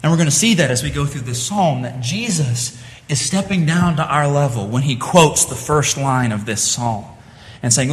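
A man's voice: medium pitch, lively intonation, moderate pace, in a large hall. A man preaching a sermon, earnest in tone, rising to impassioned cries when he voices the psalmist's pleas. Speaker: pastor.

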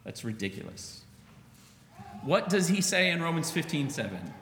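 A man preaching a sermon as pastor, in a conversational, animated style, acting out what people say. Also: fairly high pitch, brisk, slight background noise. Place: church sanctuary. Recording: echoey church hall, faint ambience.

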